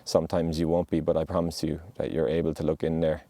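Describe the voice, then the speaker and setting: A man with a low, mellow voice speaks earnestly and reassuringly, as a podcast host delivering a heartfelt monologue. He is outdoors on a mountain, and the sound is close and dry. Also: monotone, fast, dry recording.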